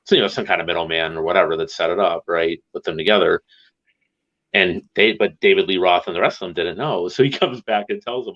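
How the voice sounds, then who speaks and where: A man hosting a casual livestream chat, telling rambling, animated music stories with laughs. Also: low voice, quick pace, dull audio. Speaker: stream host.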